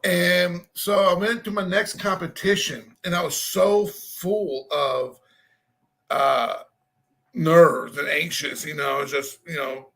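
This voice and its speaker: Casual male storyteller, self-mocking, raspy fry and a bright, high tone. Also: fairly even intonation, takes it slowly. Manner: rambling, self-deprecating, restarts and laughs.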